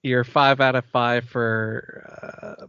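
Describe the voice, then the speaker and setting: A man co-hosting a podcast in relaxed casual chat, laughing often. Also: mid-range voice, takes it slowly, vocal fry, clean tone, dry recording. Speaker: podcast co-host. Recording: dull lo-fi podcast audio.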